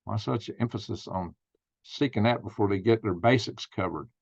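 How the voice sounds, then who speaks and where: A man's voice: on the low side, normal speed, gravelly, a little mellow, slightly rough, no room sound, highs cut off. A man hosting his own channel, reading news items aloud and musing on them with folksy slang and rhetorical questions. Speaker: channel host.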